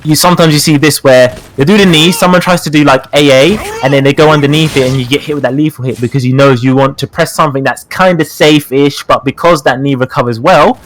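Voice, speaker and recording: A man's voice: on the high side, quick pace, hardly any pauses, slight background noise. A man with a British accent, a guest specialist chatting casually through a fighting-game tutorial with many fillers and repeated words. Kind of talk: casual gaming tutorial chat.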